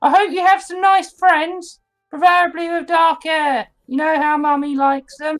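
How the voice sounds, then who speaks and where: A man's voice: very high voice, level tone, unhurried, fairly bright tone, soft background music, exaggerated voice, poor audio. A man voicing a doting, bossy old dwarf mother who fusses and complains as she reads out a letter in a tabletop game. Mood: doting, grumbling. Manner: fussy, complaining, smothering. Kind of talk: tabletop role-play, reading a letter in character.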